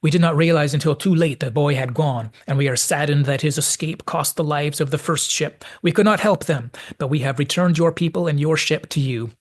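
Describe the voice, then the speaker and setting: A man's voice: a little high, lightly acted. A man reading as a solemn alien elder. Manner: measured, formal pronouncements. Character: solemn green-faced alien elder, calm and grave.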